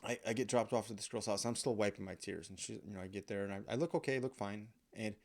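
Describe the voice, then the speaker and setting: A podcast host talks fast in a fairly low, creaky, darkish voice. He rambles through a funny personal story, swearing and poking fun at himself.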